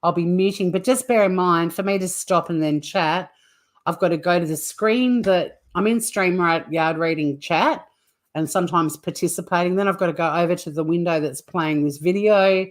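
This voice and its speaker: Low-voiced woman chatting on a livestream. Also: moderate pace. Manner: rambling, chatty, swears casually. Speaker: livestream host. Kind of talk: casual chat reacting to viewer comments.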